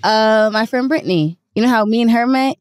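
A young woman joining a podcast chat, arguing her side and telling a story with lots of "like". Her voice sits a little high. The sound is dry and close. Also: a little fast, clear, resonant tone, dry recording. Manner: defensive, uses "like" a lot. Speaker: podcast guest. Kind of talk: casual chat, telling an anecdote.

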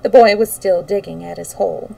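Gravelly woman reading a storybook. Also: medium pitch, brisk, recorded from a distance, low-quality recording. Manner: relaxed, with small slips. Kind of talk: reading a children's book aloud on a livestream.

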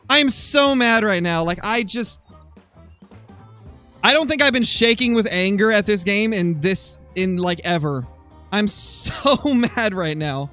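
A young man commentating his hunting game live on stream, excitable and quick to swing into loud frustration. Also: sits high, faint music behind. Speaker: gaming streamer.

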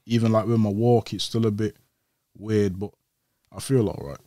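Speaking at a moderate pace with a lowish voice, a young man appears as an interview guest, casually telling his story and animatedly acting out the voices of the people in it.

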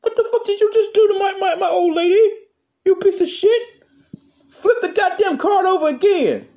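Mickey Mouse, squeaky and foul-mouthed, as a man puts him on. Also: animated, normal speed, mellow, dull audio. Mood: furious. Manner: squeaky, cursing, trash-talking. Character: hot-tempered male cartoon mouse brawler.

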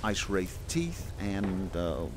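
A man giving playful, excitable running commentary while playing a VR game, chatting to a companion through a headset mic. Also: low-pitched, very slow, noisy background. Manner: excitable, jokey asides. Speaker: gaming streamer. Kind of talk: casual VR gameplay commentary.

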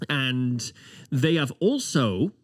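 A man's voice: medium pitch, sing-song, extremely slow, no room sound. A man with a British accent co-hosting a podcast, chatting casually and with enthusiasm. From Britain. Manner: enthusiastic, talks passionately. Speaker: podcast co-host. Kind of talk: casual chat.

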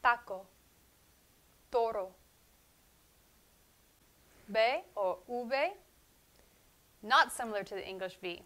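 A woman teaching a Spanish pronunciation lesson in English, slowly demonstrating and repeating each sound aloud. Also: mid-range voice, bright, forceful tone. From not from Spain.

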